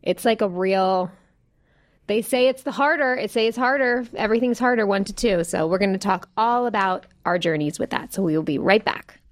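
A woman in her thirties co-hosting a podcast, chatting bluntly and casually with some swearing, recorded on a close studio mic. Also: medium pitch. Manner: blunt, profane, quick to laugh along. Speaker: podcast co-host. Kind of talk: casual chat.

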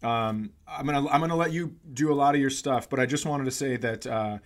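A man's voice: medium pitch, fairly quick. Laid-back man plugging shows on a podcast. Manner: joking, rambling plugs with fillers. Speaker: podcast co-host. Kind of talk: casual comedy podcast chat.

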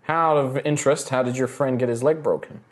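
A man's voice: medium pitch, fairly even intonation, fast talker, natural voice. A man voicing a friendly but wary muscular male farmer with a light American Southern drawl, in a tabletop game. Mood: wary polite. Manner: folksy, polite, a little wary.

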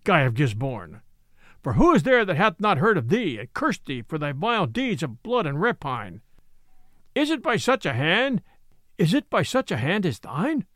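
A man's voice: a little high, fairly bright tone, no room sound, clean studio sound, full character voice. A man voicing a big, grieving outlaw who rails in defiant fury. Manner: furious and defiant.

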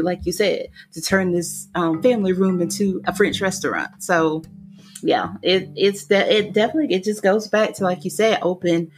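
A woman's voice: fairly low pitch, darkish tone. A woman hosting a podcast, talking casually with many fillers and frequent giggles. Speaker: podcast host. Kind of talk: podcast interview.

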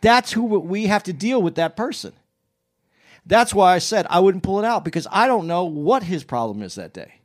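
Rambling, animated man telling a story. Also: high-pitched, moderate pace. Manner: rambling, many restarts and self-corrections; animated when retelling exchanges. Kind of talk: casual storytelling chat.

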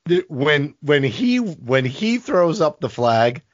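A man's voice: a little high, very animated, slow pace, no room sound. Male co-host, blunt and profane, fired up; dry, dull lo-fi audio. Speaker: podcast co-host. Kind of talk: casual sports talk.

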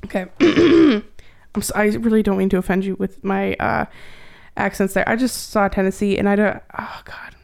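A young adult woman hosting a podcast, chatting casually with quick asides and reading listener stories aloud. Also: mid-range voice, gravelly, a little mellow. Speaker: podcast host. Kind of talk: casual chat and story reading.

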